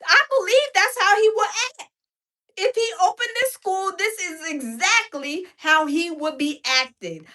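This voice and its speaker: A woman hosting a casual livestream, animated and laughing often as she talks to her viewers. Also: very high-pitched, measured pace. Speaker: livestream host.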